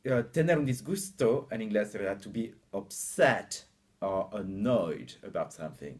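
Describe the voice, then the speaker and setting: A man co-hosting an English lesson, explaining false friends mostly in Spanish, unhurried with frequent hesitations. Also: on the low side. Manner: relaxed, hesitant with many fillers, laughs easily. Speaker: English teacher. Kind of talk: bilingual language lesson chat.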